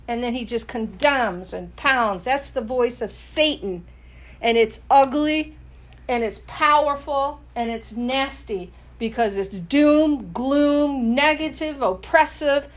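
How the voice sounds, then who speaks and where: A woman's voice: sits high, slow pace. A woman preaching in a casual, earnest way, talking conversationally with frequent restarts.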